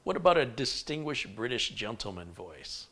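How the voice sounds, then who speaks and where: A man's voice: mid-range voice, sing-song, moderate pace, a bit bright. A man hosting a PC-building live stream, rambling casually and reading viewer comments aloud. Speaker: PC building livestream host.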